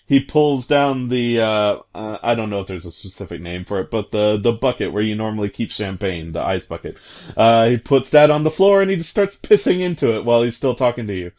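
A man's voice: on the low side, lively intonation, a little fast, darkish tone. Man rambling through a game recap. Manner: rambling, hesitant with many fillers, amused. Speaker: commentator recounting a video game. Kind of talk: casual retelling.

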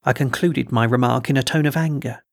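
A man, a podcast host reading a first-person sea story aloud in a measured storytelling manner. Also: medium pitch, vocal fry, no echo, clean studio sound. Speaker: audiobook reader and podcast host. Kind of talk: audiobook narration.

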